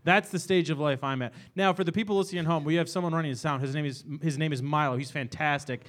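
A man hosting a late-night style comedy show on stage in a small bar, speaking into a handheld mic. His voice sits high for a man. He rambles in a self-deprecating way and works himself up into exasperated rants. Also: lively intonation, a little fast, a bit bright. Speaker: host. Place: small bar venue with live audience.

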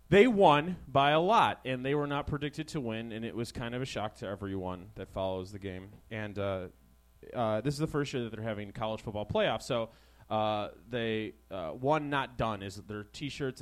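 A young man hosting a live comedy talk show, riffing through a crude, sarcastic stand-up monologue on a stage microphone. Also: mid-range voice. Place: small live comedy venue. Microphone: handheld stage microphone.

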